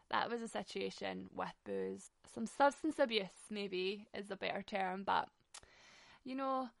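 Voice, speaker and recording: A young woman tells a story in a loose, chatty monologue, swearing freely and laughing often. Her voice has a gravelly, creaky edge. The sound is close and dry, with no room echo. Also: medium pitch.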